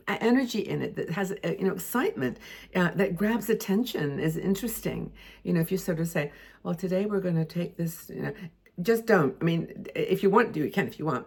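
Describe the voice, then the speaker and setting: A woman in her sixties talks straight to camera, sharing tips in a chatty, expressive way full of little asides. Her voice sits low and has a gravelly, husky edge. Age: 60s. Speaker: lifestyle video host. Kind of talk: casual tips talk to camera.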